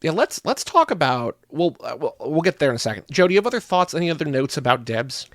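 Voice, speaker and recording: Fast-talking male podcast host, dry sound. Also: a little high, big pitch swings, dry recording. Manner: quick, joking banter. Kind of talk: casual chat.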